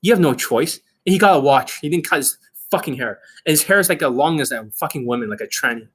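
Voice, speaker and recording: A man's voice: a little high, animated, fast, slightly rough. A man hosting an unscripted coaching Q&A, talking in a blunt, aggressive and profane way. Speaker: dating coach host.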